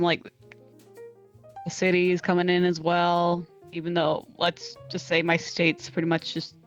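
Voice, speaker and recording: Easygoing, lower-voiced Midwestern woman. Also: highs cut off. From American Midwest. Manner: easygoing, giggly, a bit hesitant. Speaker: guest on a stream. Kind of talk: casual chat.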